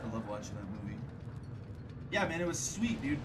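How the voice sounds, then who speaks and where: A man's voice: medium pitch, sing-song, brisk, noisy background. A young man casually chatting while he streams a game, rambling and laid-back, full of "like" and "dude". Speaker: gaming streamer. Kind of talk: casual chat while playing.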